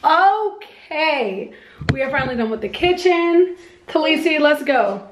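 Young woman, high voice, chatty home vlog, echoey room, camera across the room. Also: expressive, measured pace, music in the background. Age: young adult. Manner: chatty, mixes talking to viewers with coaxing a toddler. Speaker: vlogger. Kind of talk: casual vlog talk to camera. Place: home kitchen and living room, indoors. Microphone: camera set up in the room.

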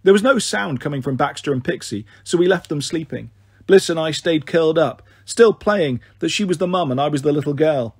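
Husky man reading a children's story. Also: a little high, a little fast, no echo. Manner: steady, expressive first-person narration. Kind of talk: children's book read aloud.

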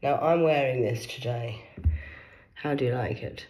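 Low-voiced British woman, erratic and defiant. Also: normal speed. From United Kingdom. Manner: erratic, swinging from hushed whispers to loud excited outbursts; swears freely, defiant and boastful. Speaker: vlogger. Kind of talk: rambling live monologue.

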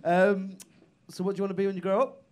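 A man's voice: high voice, level tone, quick pace, darkish tone. A male stand-up comedian doing crowd work on a club stage, teasing the audience with crude, cheeky banter.

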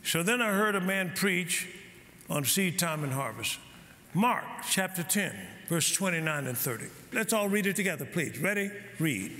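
An older man preaching a sermon to a congregation, calling for amens and shouting his points. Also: high voice, expressive, moderate pace. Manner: call-and-response preaching, shouting emphasis. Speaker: pastor. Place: large church hall. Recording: echoey hall, crowd noise. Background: congregation responding.

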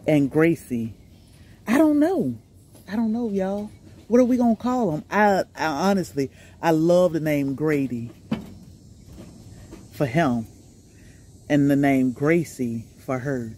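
A middle-aged woman vlogging casually outdoors by her rabbit hutches, chatty and animated, laughing often as she talks to viewers. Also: low voice, slight background noise. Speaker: homestead vlogger.

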